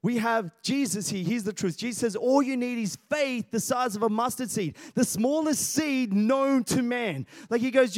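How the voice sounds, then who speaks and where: A man's voice: very high-pitched, moderate pace, few pauses, no echo, studio quality. A man preaching a sermon, energetically acting out voices and calling out to the congregation. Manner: lively preacher, acts out Bible voices, calls on the congregation. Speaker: pastor.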